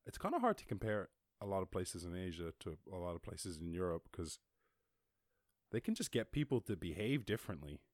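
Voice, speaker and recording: A man with an Irish accent hosting a casual solo podcast, reacting to news in a jokey, excitable way and swearing freely. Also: low-pitched, fairly quick, no echo, studio quality. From Ireland. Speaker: podcast host.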